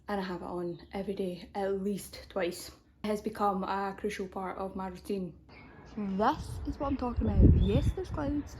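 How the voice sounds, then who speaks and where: A woman's voice: mid-range voice, noisy background. A young woman chatting casually in a vlog, rambling along with frequent restarts. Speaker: vlogger.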